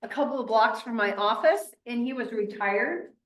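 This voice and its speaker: A woman with a Midwestern American accent teaching a real estate class, telling stories with chatty, animated acted-out quotes. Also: on the high side, moderate pace. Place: training classroom. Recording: echoey room.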